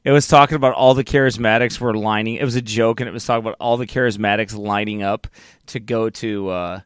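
A man commenting on a preaching clip, mocking it, animated, often laughing. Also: on the low side, fast talker, smooth, no room sound, studio quality. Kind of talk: reaction commentary.

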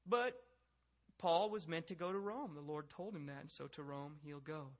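A man's voice: on the high side, normal speed. Man preaching a sermon, dull lo-fi sound. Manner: conversational preaching, acts out the speakers he quotes. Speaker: pastor.

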